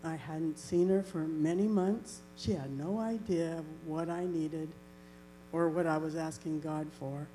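Earnest woman with a mellow, low voice. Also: fairly even intonation, unhurried, rough recording. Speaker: church member giving a testimony. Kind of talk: personal testimony. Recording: faint electrical hum.

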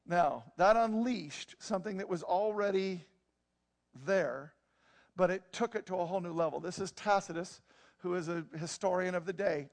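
A man delivers a sermon with a high, gravelly voice, animated and joking as he talks to his congregation. His voice rings out with long reverb in a large church hall. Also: normal speed. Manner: animated, joking, conversational preaching. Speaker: pastor.

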